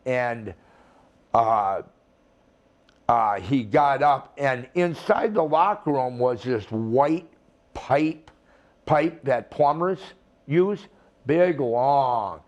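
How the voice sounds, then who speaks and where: A man's voice: medium pitch, animated, extremely slow, long pauses, muffled recording. An older man, a retired wrestler, telling a rambling, profane story in a casual interview. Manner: rambling, profane, acts out the people in his stories.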